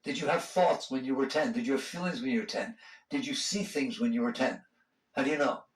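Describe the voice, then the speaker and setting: A man's voice: mid-range voice, far from the mic. A man giving a spiritual talk to a live audience, speaking conversationally and putting pointed questions to the listeners. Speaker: spiritual teacher. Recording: roomy hall sound, voice from off the mic.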